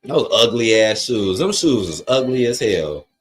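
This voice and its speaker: Low-voiced man ranting bluntly on a live stream. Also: very animated, measured pace, faint music behind. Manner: blunt, profane, opinionated rants; loose, rambling with frequent fillers. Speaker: live stream watch-along host. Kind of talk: casual live commentary, reading chat aloud.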